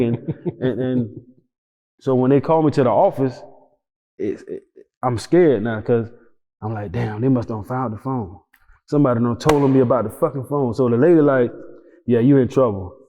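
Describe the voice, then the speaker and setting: A man, a guest in a casual interview, telling a story in an animated way, acting out the dialogue and swearing freely. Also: medium pitch. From Tampa, Florida. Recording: roomy reverb, dull lo-fi sound.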